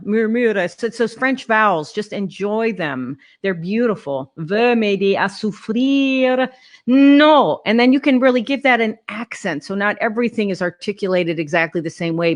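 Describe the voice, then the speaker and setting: A woman teaching a voice master class over a video call, encouraging and sometimes sounding out phrases in French. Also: mid-range voice. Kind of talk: live-streamed master class coaching.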